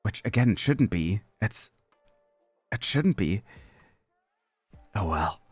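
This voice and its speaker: A young man streaming live, chatting with viewers while fighting broken software, scattered and exasperated, cursing and leaping from mumbles to high squeaky outbursts. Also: big pitch swings, slow, breathy edge, no room sound, faint music behind. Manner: scattered and exasperated, swearing at tech trouble. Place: home streaming setup.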